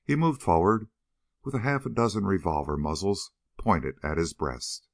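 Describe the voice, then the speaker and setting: A man narrating an audiobook of an adventure novel in a steady, expressive reading. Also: low-pitched, moderate pace, no room sound, studio quality. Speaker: audiobook reader.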